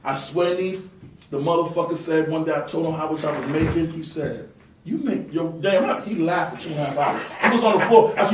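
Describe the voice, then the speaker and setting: High-voiced man telling stories, echoey room. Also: fairly quick, distant mic, background noise. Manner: animated, profane, acts out voices in his stories. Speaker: podcast guest. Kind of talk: casual storytelling.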